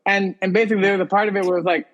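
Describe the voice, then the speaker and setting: A man's voice: high-pitched, flat delivery, rapid-fire, a bit bright, dull audio. A man co-hosting a comedy podcast, telling stories in a playful, laughing manner. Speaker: podcast co-host. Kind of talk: casual comedic chat.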